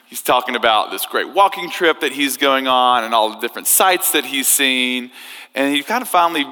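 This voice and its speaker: A man preaching a sermon, telling a story in a conversational, animated way. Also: medium pitch, normal speed. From United States. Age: 30s. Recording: echoey hall.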